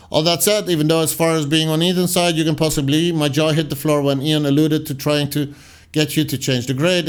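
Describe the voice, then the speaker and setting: A commentary channel host with a fairly high-pitched voice casually reads viewer comments aloud and replies to them. His answers are rambling, sarcastic asides that fade out into mutters.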